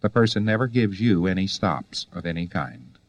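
A man's voice: low-pitched, sing-song, normal speed, no room sound. A man giving a conversational lecture to students, full of rhetorical questions and wry asides.

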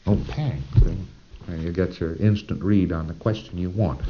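A man's voice: low voice, fairly even intonation, normal speed, lo-fi sound, noisy background. A man giving a conversational, emphatic training lecture, often checking in with "see?".

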